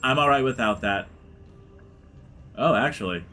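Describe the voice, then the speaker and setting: A man's voice: mid-range voice, unhurried, sharp tone. Guy rambling thru a minigolf game, lots of likes, trails off into mumbles, faint game music behind. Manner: rambling, heavy use of like, dips into mutters. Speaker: let's play gamer. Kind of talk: casual gameplay commentary.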